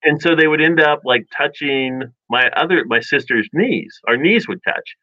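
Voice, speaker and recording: A man casually telling childhood stories in a rambling, animated way, with many restarts and chuckles. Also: on the high side, normal speed, dry recording. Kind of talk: casual storytelling chat. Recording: dull dry lo-fi sound.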